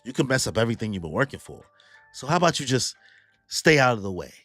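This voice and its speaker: Menacing condescending official, bright voice, voiced by a man. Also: medium pitch, very animated, quick pace, dry recording, soft background music. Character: threatening male government official.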